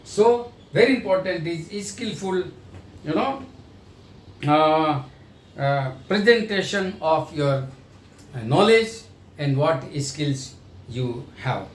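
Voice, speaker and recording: Guy teaching sales, kinda high voice, echoey room, sounds far off the mic. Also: lively intonation, slow pace, pauses often. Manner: explanatory, acts out sales dialogues. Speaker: pharma sales trainer. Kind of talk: training lecture. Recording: echoey room, voice from a distance, faint noise.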